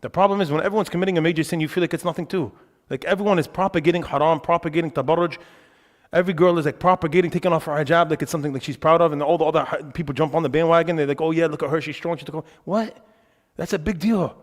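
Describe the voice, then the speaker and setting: Fast-talking emphatic man teaching. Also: a little high. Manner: animated, emphatic; conversational, uses filler words. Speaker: religious teacher. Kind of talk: lecture on worship. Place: mosque hall. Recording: reverberant mosque hall.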